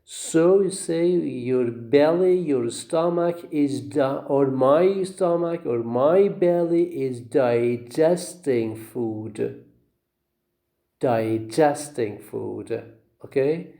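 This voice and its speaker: A man teaching phonetics in a recorded lecture, explaining slowly and repeating himself, often checking in with "okay?". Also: fairly high pitch, mellow, reverberant. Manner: slow, repetitive explaining with frequent "okay?" checks.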